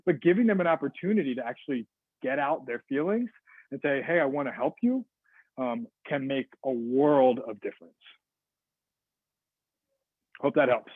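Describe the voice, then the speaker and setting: A man's voice: mid-range voice, moderate pace, pauses often, slightly rough, no room sound. Casual man on a tinny video call. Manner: casual, rambling, many fillers and restarts. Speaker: customer service speaker. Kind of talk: webinar talk over video call. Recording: dry, phone-like video call audio.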